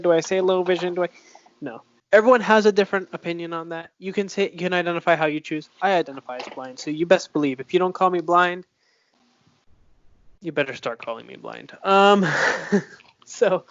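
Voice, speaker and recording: A young man co-hosting a podcast in loose, blunt chat, full of fillers and quick laughs. His voice sits a little high, and the recording is dry and muffled. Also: fairly bright tone, no echo. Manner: chatty, blunt, laughs often, many fillers. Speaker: podcast co-host. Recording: dull lo-fi sound.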